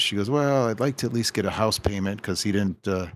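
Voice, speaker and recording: A man's voice: fairly low pitch, moderate pace. A man who owns a game store, telling rambling anecdotes on a casual podcast and acting out the dialogue.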